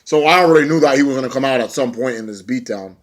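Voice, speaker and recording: A man's voice: mid-range voice, fast. A young man giving a casual wrestling show review, blunt and profane, ranting and mocking.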